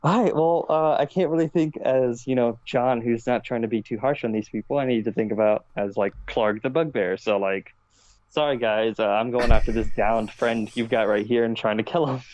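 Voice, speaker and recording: A man co-hosting a podcast in casual chat, relaxed and rambling, often quoting his own thoughts. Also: mid-range voice, fairly quick, highs cut off. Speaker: podcast co-host.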